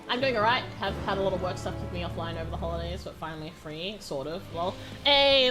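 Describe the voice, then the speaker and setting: Low-voiced woman chatting on a game stream. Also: fast, few pauses, fairly bright tone, faint music behind. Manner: chatty, laughs easily. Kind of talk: casual gaming stream chat.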